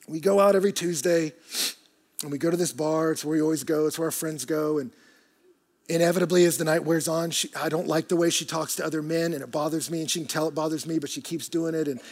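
High-voiced man preaching with loud-soft swings. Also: fast. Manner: swings from loud animated bursts to hushed low emphasis; acts out quoted voices for humor. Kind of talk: sermon.

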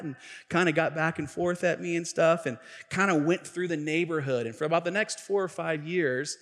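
A middle-aged male pastor telling a story in a sermon, chatty and animated, with restarts and asides. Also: fairly high pitch, normal speed. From Tacoma, Washington. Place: church sanctuary. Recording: echoey church hall.

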